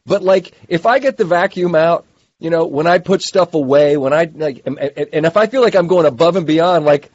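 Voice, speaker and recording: A man co-hosting a casual podcast chat, telling stories with quick asides. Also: on the high side, a little mellow, no room sound, muffled recording. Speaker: podcast co-host.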